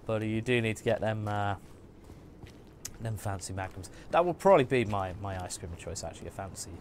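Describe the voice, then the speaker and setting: A man's voice: on the low side, a little hiss or hum. A man streaming a game, chatting and joking and muttering asides to himself as he plays. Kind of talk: casual gaming commentary.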